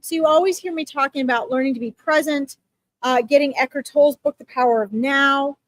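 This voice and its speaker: A woman's voice: sits high, fairly quick. A woman hosting live psychic readings, talking casually and reassuringly to her viewers, with frequent okays and ums. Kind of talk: casual livestream talk to viewers.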